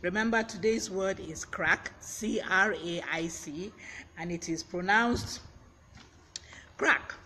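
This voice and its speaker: Bright, high-voiced man teaching words. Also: a little slow, a little hiss or hum. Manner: chatty, greets viewers by name, laughs often. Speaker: vocabulary teacher on a live stream. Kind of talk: live-streamed word lesson. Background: fan blowing.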